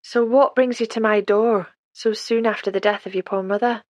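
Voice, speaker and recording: A woman's voice: medium pitch, fairly even intonation, moderate pace, a little mellow, dry recording, voice pushed up, close to an everyday voice. A woman voicing a sprightly elderly retired midwife with a faint Scottish accent, motherly and gushing, in an audiobook reading. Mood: warm. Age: older.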